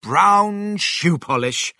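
Brief: man playing an excited scheming father, raised voice, storybook, bright tone. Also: sits high, drawn-out words, no echo, clean studio sound, pitched above the performer's own voice, full character voice. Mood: eager. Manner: eager, crying out.

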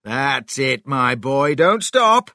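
A man reading a storybook and voicing a greedy, excitable farmer father who talks loud and pushy. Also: medium pitch, unhurried, dry recording, studio quality. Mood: eager.

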